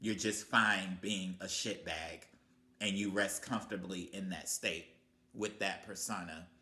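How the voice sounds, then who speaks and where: A man with a fairly low, bright and forceful voice delivers a profane motivational rant. He talks bluntly and heatedly, cursing at every turn, and his voice rings in an echoey room. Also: fairly even intonation, measured pace. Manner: blunt, heated, swearing constantly. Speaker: vlogger.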